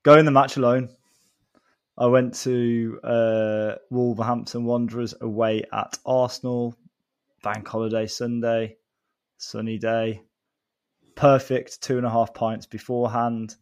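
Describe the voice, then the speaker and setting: A man's voice: mid-range voice, level tone, measured pace. A man on a podcast, telling a story in short clipped sentences. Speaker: podcast co-host. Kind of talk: casual chat.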